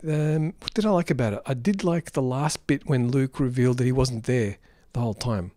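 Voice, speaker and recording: A man's voice: mid-range voice, fairly quick, dark tone, dry recording, clean studio sound. A man giving an unrehearsed film review, rambling and exasperated.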